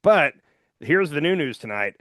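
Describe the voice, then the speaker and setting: A man's voice: a little high, sing-song, a little slow, fairly bright tone, dry recording, clean studio sound. A man co-hosting a podcast who chats casually about politics, rambling and filling his talk with "like" and "um". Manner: loose and rambling, heavy on "like" and "um". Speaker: podcast co-host.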